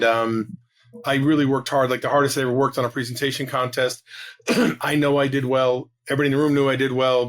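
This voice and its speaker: Fast-talking man in his fifties. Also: medium pitch. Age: 50s. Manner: rapid, animated talker with frequent restarts. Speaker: guest, real estate agent. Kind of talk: casual interview storytelling.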